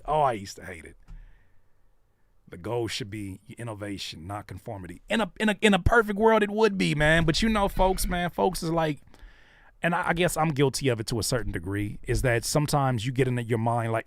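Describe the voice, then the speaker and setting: A man's voice: mid-range voice, expressive, a little fast, no room sound. A man who raps and produces, hosting a live stream with casual, slangy commentary. He repeats phrases for emphasis and acts out other people's remarks.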